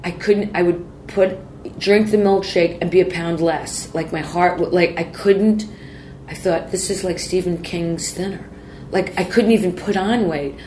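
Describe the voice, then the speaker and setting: Low-voiced woman telling a raw, profane story. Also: steady tone, unhurried, dark tone, a little hiss or hum. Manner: raw, profane, self-interrupting. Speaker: guest. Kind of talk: candid personal storytelling. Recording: echoey room with faint ambience.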